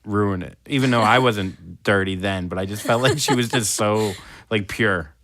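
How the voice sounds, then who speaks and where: A man's voice: on the low side, moderate pace, a bit bright, dry recording, studio quality. A man co-hosting a podcast, hesitant and teasing, with many fillers. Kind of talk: casual chat.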